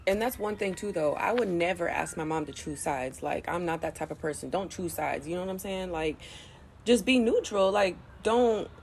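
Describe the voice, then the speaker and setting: Young woman ranting into her phone at home, low raspy voice, teary and cussing, slight background hiss. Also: lively intonation, normal speed. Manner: blunt, profane, rambling. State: tearful. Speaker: social media vlogger. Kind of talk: emotional venting vlog. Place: at home early morning.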